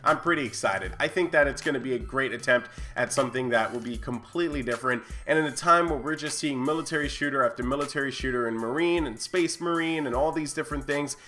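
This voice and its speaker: A man's voice: medium pitch, fast, hardly any pauses, pushed and bright, faint music behind. Congested, upbeat young man vlogging. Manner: enthusiastic, chatty, many fillers. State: congested from a cold. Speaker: gaming video host. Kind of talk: casual gaming news vlog.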